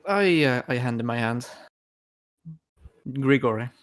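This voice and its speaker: A man's voice: mid-range voice, expressive, unhurried. A man taking part as a player in a tabletop role-playing game, speaking hesitantly with stammers.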